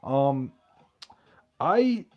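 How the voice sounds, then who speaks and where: A man's voice: medium pitch, sing-song, very slow, highs cut off. A young man, chatting casually and profanely, rambling and restarting his sentences as he reads live chat. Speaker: podcast host reading live chat.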